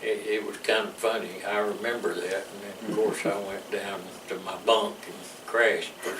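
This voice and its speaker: An older veteran with a Southern US accent, from the American South, recalls his military service in a casual oral-history interview. His lowish voice is flat and moderately paced as he rambles, chuckles, and restarts often, recorded on a distant mic in a noisy, echoey room.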